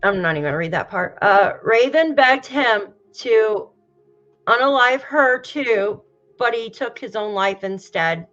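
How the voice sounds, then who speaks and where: A woman from the United States hosts a true crime live stream, reading viewer comments and talking casually with emotion and sympathy, softly exclaiming at times. Her voice is fairly high-pitched and the sound is lo-fi.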